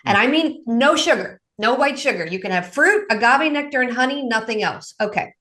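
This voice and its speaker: A woman's voice: on the high side, lively intonation, normal speed, pushed and bright. A middle-aged woman, an addiction coach, telling stories in an interview and acting out her clients' voices with dramatic shifts. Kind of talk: animated storytelling in a podcast interview.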